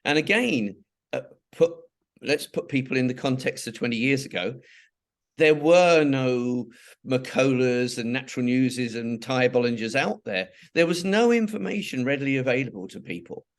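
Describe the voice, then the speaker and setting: A man's voice: medium pitch, animated, normal speed. A middle-aged or older man from England, telling stories in a rambling interview style with many restarts and asides. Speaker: interviewee, charity founder. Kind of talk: conversational interview storytelling.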